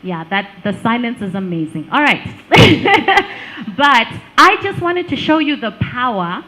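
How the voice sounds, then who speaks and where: Lively woman giving a workshop talk. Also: on the high side, normal speed, low-quality recording. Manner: lively, engaging, asks the room questions, laughs often. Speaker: speaker on digital branding. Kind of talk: live workshop talk to an audience.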